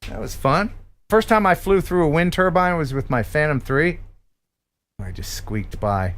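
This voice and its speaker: Animated man hosting a stream. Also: on the high side, a little slow. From Philadelphia. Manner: chatty, laughs easily, reads viewer emails aloud. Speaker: host. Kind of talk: casual live-stream chat.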